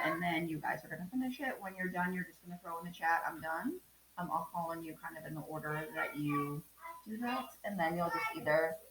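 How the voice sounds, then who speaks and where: A woman's voice: on the low side, echoey room, poor audio. A woman in her thirties teaching a math lesson to a remote class, chatty, with lots of ums as she walks through each step. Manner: chatty, many ums, talks through steps.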